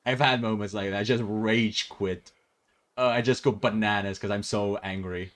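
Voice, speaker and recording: A man's voice: lowish voice, steady tone, normal speed, a bit bright. A male streamer chatting casually and reacting with frequent laughter while watching a video.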